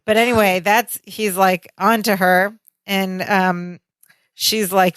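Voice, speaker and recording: A woman's voice: medium pitch, little pitch movement, takes it slowly, a bit bright, clean tone, no echo. Chatty woman co-hosting a podcast, dry mic. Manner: chatty, with many ums and quoted lines. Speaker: podcast co-host. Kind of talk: casual chat recapping a sitcom episode.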